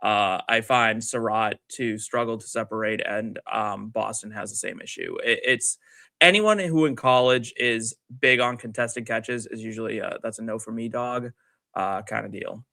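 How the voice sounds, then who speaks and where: A man's voice: fairly low pitch, normal speed, creaky, bright, forceful tone, no echo. A man co-hosting a sports podcast, talking in a laid-back, slangy way. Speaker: podcast co-host. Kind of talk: casual podcast chat.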